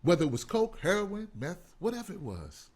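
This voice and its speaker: Sitting high and swinging hugely in pitch, a man's voice moves briskly as he hosts a call-in talk show. He rants heatedly, emphatic, impassioned and profane.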